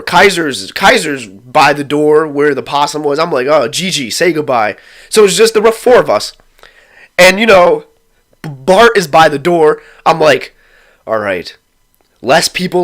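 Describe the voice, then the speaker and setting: A young man telling a rambling, profane story about a night with friends in a casual vlog. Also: fairly high pitch. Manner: rambling, swears constantly, excitable retelling.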